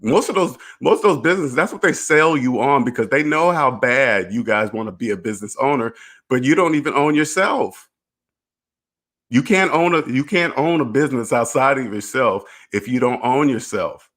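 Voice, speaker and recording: A man's voice: medium pitch, moderate pace, a bit bright. Man, finance channel host, casual to-camera rant, emphatic and preachy, blunt with profanity, keeps asking rhetorical questions. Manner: blunt and profane, with brief laughs. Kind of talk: casual direct-to-camera monologue.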